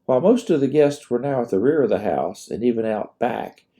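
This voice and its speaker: A man narrating his own historical storybook in a measured, expressive reading. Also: medium pitch. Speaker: author narrating his book.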